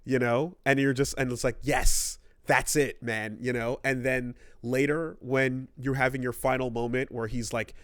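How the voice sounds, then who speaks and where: This is a man co-hosting a casual gaming podcast, rambling and swearing as he acts out characters' lines. His voice is smooth and resonant. The sound is dry and close. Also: medium pitch, little pitch movement, moderate pace, few pauses, no echo. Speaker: podcast co-host.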